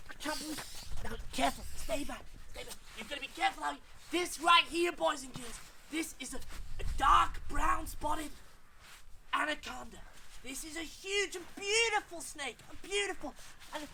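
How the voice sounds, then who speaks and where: A performer doing a comic male wildlife presenter in a shaky fake Australian accent, exclaiming and then dropping to a hush. The voice sits fairly high and sounds bright and forceful. He is out in a back garden with a faint hiss behind him. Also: full character voice. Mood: excited. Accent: poor put-on Australian. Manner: excitable, exclaiming, sudden shouts then hushed. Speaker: children's show wildlife presenter. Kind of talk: comic children's wildlife segment.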